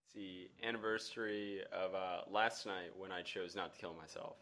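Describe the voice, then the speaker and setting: A man on a casual comedy podcast, teasing the others with dry, dark humor. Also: sits low, fairly even intonation, moderate pace. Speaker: podcast co-host.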